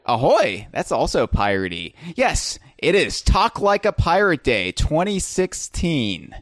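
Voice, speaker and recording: Lively, joking male podcast host. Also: a little high, a little slow, dry recording, clean studio sound. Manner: jokey, rambling, filler-heavy. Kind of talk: casual podcast chat.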